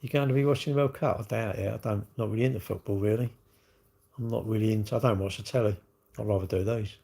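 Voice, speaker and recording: A man's voice: fairly low pitch, steady tone, quick pace, creaky, warm tone. A man, rambling in casual livestream chat and answering viewers' comments with lots of tag questions. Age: 60s. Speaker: livestream host.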